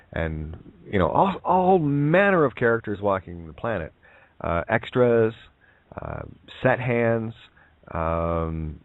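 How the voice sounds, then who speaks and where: A man's voice: lowish voice, dry recording. A man giving a casual spiritual talk on a call-in show, rambling with many fillers and checking in with "right?". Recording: tinny phone line, dry.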